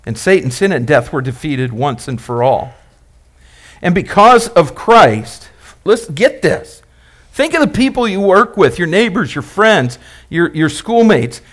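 A male pastor preaching a sermon, emphatic and repetitive, asking the congregation questions and building phrases up, then dropping them low. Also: sing-song, a little slow. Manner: repeats and builds phrases, rising and dropping loudness.

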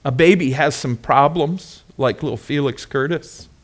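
A man's voice: fairly high pitch, unhurried. A man preaching a sermon as pastor, earnestly reviewing points and then emphatically teaching a word, repeating key terms.

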